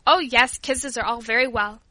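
Woman narrator putting on indulgent father, mock-stern, teasing, bright voice. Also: sits high, racing, dry recording. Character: indulgent teasing father, middle-aged man.

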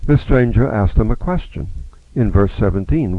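A man with a fairly low voice leads a Bible study lesson. He reads scripture aloud and gives each speaker's words their own delivery. The sound is dry and narrow, like a phone line. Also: expressive, moderate pace, no echo.

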